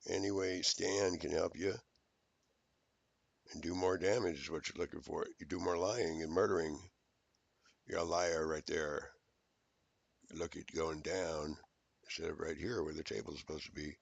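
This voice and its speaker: A man's voice: a bass voice, steady tone, normal speed, creaky, long pauses, no echo. A man in a rambling, profane, accusatory recorded rant.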